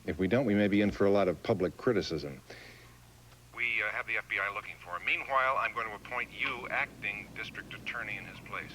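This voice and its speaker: An actor playing a brisk, businesslike senior official in a soap opera. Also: male voice, lowish voice, noisy background, lightly acted.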